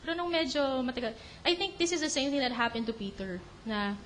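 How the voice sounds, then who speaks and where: A woman with a Filipino accent teaches on faith in a slightly high voice. She switches between English and Tagalog and acts out quotes in an animated way. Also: fast talker, a little hiss or hum. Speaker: preacher. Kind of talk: religious teaching talk.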